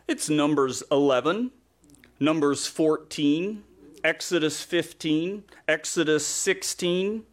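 Joking conversational male pastor. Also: a little high. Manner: conversational, humorous, acts out grumbling voices. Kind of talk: sermon.

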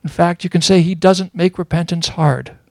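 A man giving a sermon as a Bible teacher, earnest and explanatory, pausing often with fillers. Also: high-pitched, fairly even intonation, darkish tone, no room sound.

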